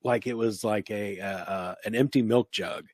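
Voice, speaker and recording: A man co-hosting a casual talk show, talking through what he heard in a halting way, searching for words. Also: on the low side, darkish tone, no echo. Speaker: radio show co-host. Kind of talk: casual paranormal investigation chat.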